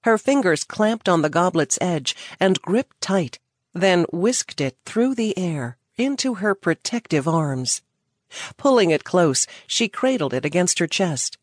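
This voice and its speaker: Woman narrator, lower voice, lively and expressive, dry close sound. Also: unhurried, no room sound. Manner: expressive, dramatic storytelling. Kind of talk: scripted story narration.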